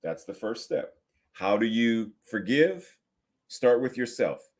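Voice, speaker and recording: Slow, deliberate male minister in his 50s. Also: mid-range voice, lively intonation. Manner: slow, deliberate preaching with repetitions and pauses. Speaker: senior minister. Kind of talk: sermon.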